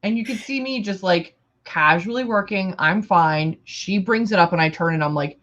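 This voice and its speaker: A woman hosting a casual chat on a live stream, animated and acting out quotes, her voice a little worn. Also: fairly low pitch, moderate pace. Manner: animated storyteller, acts out quotes loudly. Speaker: host. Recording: dull lo-fi stream audio.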